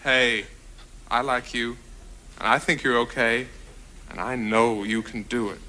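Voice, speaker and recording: A pushy, upbeat TV psychiatrist. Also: male voice, medium pitch, steady tone, a little slow, bright, forceful tone, slight background noise. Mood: coaxing. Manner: coaxing, insistent pep-talk delivery. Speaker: sketch comedy character.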